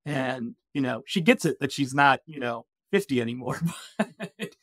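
A man's voice: mid-range voice, animated, moderate pace, fairly bright tone, no echo, studio quality. A man hosting a podcast, chatting in a friendly way with his guest and asking questions. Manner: friendly, chatty interviewer with restarts. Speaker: podcast host. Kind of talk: podcast interview.

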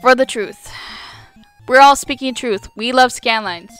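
A woman's voice: fairly high pitch, unhurried, fairly bright tone, clear, resonant tone, soft background music. A young woman streaming a retro game live, chatting with her chat in a playful, teasing way with mock outrage and frequent laughter. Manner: giggly, laughs often. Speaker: gaming streamer.

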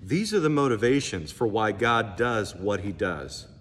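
American guy preaching in a church hall, pitch jumps all over, long echo, bit of room hum. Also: unhurried. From United States. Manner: animated storytelling, acts out dialogue. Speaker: pastor. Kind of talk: sermon. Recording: echoey hall, faint ambience.

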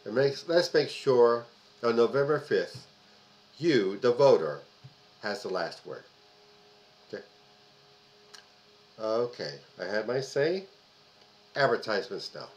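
A man's voice: mid-range voice, animated, takes it slowly, pauses often, poor audio. A man hosting his own commentary video, delivering an emphatic opinion monologue with repeated phrases for stress and frequent "uh" fillers. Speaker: host of a political commentary video.

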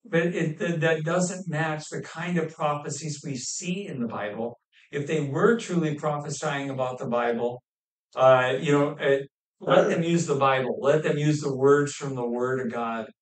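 A man preaching a sermon on a scripture passage, pausing often with fillers and restarts. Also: fairly high pitch, fairly even intonation. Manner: halting, with many fillers and restarts. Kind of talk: expository sermon. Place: church hall. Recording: echoey room, mic at a distance.

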